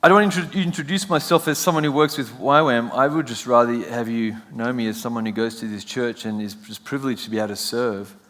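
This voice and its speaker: A man's voice: mid-range voice, steady tone, fast talker, few pauses, fairly bright tone. An Australian man giving a chatty, joking sermon as a guest preacher. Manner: chatty, self-joking, laughs often. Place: church sanctuary. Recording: long church hall reverb.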